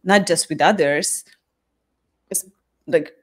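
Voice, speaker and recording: A woman's voice: sits low, slow pace. A woman hosting a casual live chat, talking candidly with frequent laughs and restarts. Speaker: host.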